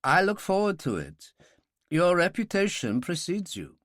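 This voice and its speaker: A suave, menacing baron with a deep, pleasant voice and a faint German accent, put on by a male audiobook reader. The lines move lively up and down, cool and courteous. The recording is dry and close. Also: a little slow, no room sound, full character voice. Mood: smooth menace.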